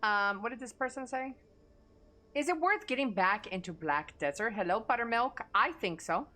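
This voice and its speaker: A woman's voice: a little high, lively intonation, moderate pace, sharp tone. A young woman streamer chatting casually with her live chat, reading messages aloud, answering offhand and swearing freely.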